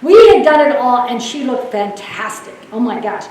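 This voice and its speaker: A woman nurse giving a storytelling talk, lively and laughing, acting out voices. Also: on the high side, normal speed, distant mic, slight background noise. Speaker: nurse speaker. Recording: echoey hall, mic heard from afar.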